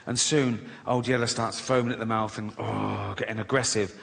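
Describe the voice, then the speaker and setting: Bright-voiced comedian, sweary and giggly. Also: male voice, lowish voice, steady tone, moderate pace, vocal fry, long reverb tail. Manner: profane, laughs at his own jokes. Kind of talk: stand-up style comic storytelling.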